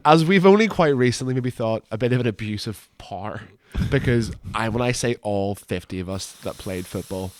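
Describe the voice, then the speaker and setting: A man's voice: lowish voice, moderate pace, hardly any pauses, dry recording. A young man co-hosting a casual commentary podcast, rambling and joking, often slipping into silly voices. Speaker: podcast co-host.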